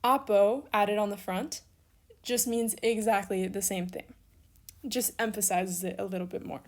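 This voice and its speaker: A young woman records a language lesson with a steady, medium-pitched voice that runs a little slow. Encouraging and upbeat, she talks through examples, catches and corrects her own mistakes casually, and makes off-the-cuff asides.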